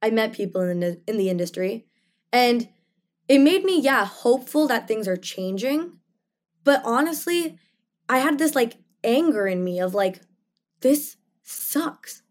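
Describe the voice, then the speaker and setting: In an interview conversation, a young actress guest sounds animated and a little high-pitched, keeping a moderate pace. Her passionate, emphatic answers are full of "like" and "you know."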